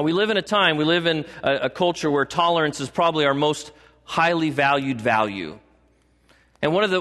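A man's voice: a little high, fairly bright tone. A male pastor preaching a sermon in an emphatic style, with rhetorical questions and storytelling. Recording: long hall reverb.

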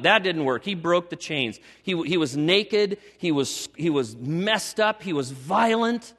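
Older male pastor preaching in a hall. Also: on the high side. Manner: animated storytelling, rising to emphatic exhortation. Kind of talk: sermon.

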